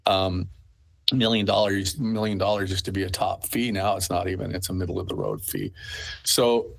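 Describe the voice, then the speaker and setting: A man's voice: sits low, expressive, normal speed, vocal fry. A middle-aged man from Canada, a festival owner being interviewed, who rambles through his stories and leans on fillers. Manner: rambling storyteller, full of fillers. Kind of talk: conversational interview.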